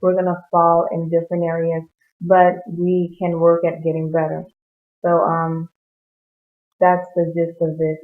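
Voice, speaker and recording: Woman with a flat, low voice on tinny audio. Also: moderate pace. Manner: earnest, rambling, with frequent restarts and fillers. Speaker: Bible devotional speaker. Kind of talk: casual Bible reflection.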